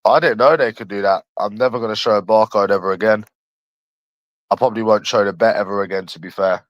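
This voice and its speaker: A man's voice: lowish voice, fast, no room sound, highs cut off. A man from London chatting casually on a livestream, rambling and addressing a viewer by nickname.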